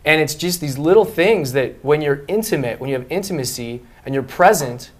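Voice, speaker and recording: A man co-hosting a casual panel talk as a relationship coach, earnest and halting, full of restarts and fillers. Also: a little high, animated.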